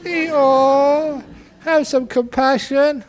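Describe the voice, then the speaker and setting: A man voicing a frightened donkey stuck in a well, braying and pleading in a high voice. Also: fairly even intonation, very slow, heavily acted. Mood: pleading, panicked.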